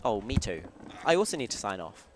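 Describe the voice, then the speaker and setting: There's background noise as a British man with a lowish voice and big swings in pitch talks a little fast. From the United Kingdom, he does casual, jokey stream commentary, chatting freely and repeatedly cutting himself off to restart.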